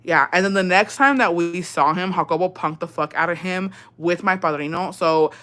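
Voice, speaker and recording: A woman's voice: lowish voice, normal speed, fairly bright tone. A woman telling a casual storytime vlog, swearing freely, calling her viewers besties and acting out the dialogue.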